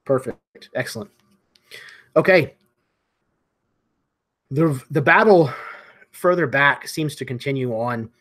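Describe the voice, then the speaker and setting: A man's voice: mid-range voice, takes it slowly, long pauses, fairly bright tone. A man narrates a tabletop game as dungeon master in a loose, rambling way. He paints scenes with plenty of fillers and a medium, everyday voice. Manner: loose, descriptive, filler-heavy.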